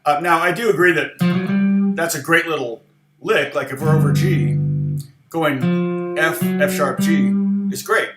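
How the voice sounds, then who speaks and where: A man's voice: a little high, measured pace, long pauses, echoey room. A middle-aged man giving a casual livestream guitar lesson, chatty and rambling, with many fillers and restarts. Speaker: guitar teacher.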